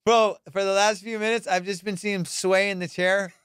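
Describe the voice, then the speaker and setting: A young adult man hosting a comedy podcast, swearing freely as he rattles off a story. His voice sits fairly high and sounds smooth and resonant. The recording is close and dry, with no room sound. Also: normal speed, no room sound. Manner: profane, animated, acts out quotes.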